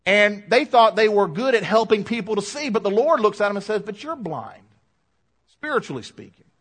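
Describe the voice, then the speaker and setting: A man preaching a sermon in a church, emphatic, swinging from quiet asides to loud, fired-up lines. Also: high voice, fairly quick. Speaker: pastor.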